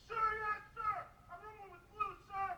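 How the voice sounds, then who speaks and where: An actor playing an eager teenage male football player who shouts his answers drill-style. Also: very high-pitched, little pitch movement, normal speed, recorded from a distance, background noise. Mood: barking. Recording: roomy film audio heard from afar.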